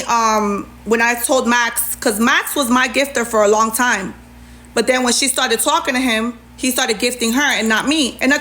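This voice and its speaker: A woman's voice: a little high, a bit bright. A woman ranting on a livestream, sassy and indignant as she reads out messages and answers back.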